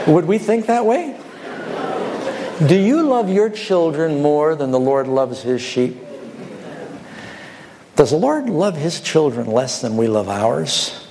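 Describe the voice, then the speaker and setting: A man's voice: a little high, animated, normal speed, warm tone, slight background noise. A man preaching a sermon, telling stories and asking the congregation rhetorical questions.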